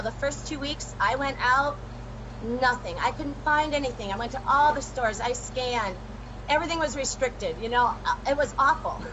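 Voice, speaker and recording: A woman guest telling her own story in a lively, animated way during a casual chat. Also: on the high side, lo-fi sound, background noise.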